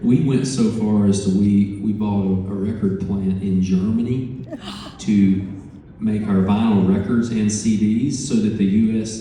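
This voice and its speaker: A man's voice: lowish voice, a little hiss or hum. Man telling a story in a hall. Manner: animated storyteller acting out phone calls, profane asides. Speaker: musician interviewed on stage. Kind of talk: storytelling interview before a live audience. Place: large conference hall. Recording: echoey hall, distant mic.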